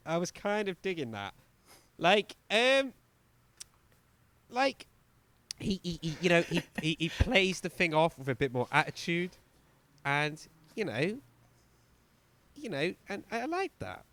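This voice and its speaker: A man's voice: high-pitched, very animated, unhurried, long pauses, fairly bright tone, no room sound. A man co-hosting a music podcast, chatting casually and sarcastically about an album, mocking lyrics in exaggerated voices. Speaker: podcast co-host. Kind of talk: casual album review chat.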